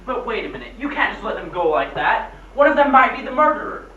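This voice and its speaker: A woman's voice: fairly high pitch, sing-song, fast, fairly bright tone. An actress playing an urgent, anxious young woman pleading a case in an old film. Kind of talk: 1940s film acting. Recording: echoey, distant, dull old film soundtrack.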